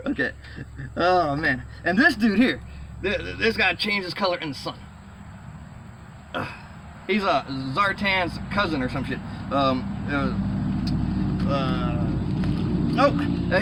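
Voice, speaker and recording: Man, middle-aged, casual vlog, rambling, excitable, slightly high voice, sweating. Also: creaky, slight background noise. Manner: rambling, excitable, many fillers and restarts. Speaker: vlogger.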